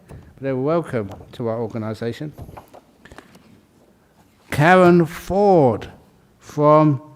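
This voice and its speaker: A Buddhist monk leading a ceremony, calling out names in a casual, joking way and laughing between them. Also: male voice, mid-range voice, darkish tone. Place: large hall.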